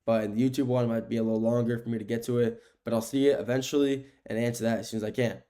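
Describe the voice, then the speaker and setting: A young man from the United States hosts his own sports podcast in loose, casual talk. His voice sits at a middle pitch, and he rambles and restarts his sentences. He repeats his points and gets fired up over the game stats. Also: racing. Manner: rambling, repeats himself, many fillers and restarts; grows excited when talking about the game. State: sleepy, keeps yawning. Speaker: podcast host.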